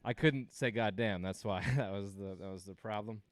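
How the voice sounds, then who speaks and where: A man's voice: fairly low pitch, moderate pace, dry recording. A man in his thirties doing a rambling, self-deprecating stand-up set on a livestream, laughing at his own jokes. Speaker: stand-up comedian hosting a livestream.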